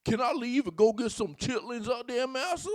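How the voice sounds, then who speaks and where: Dude doing a high whiny scared servant voice, begging, cracks up high. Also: male voice, expressive, moderate pace, dry recording, clean studio sound. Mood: pleading. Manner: high, whining, pleading. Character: frightened pleading servant man.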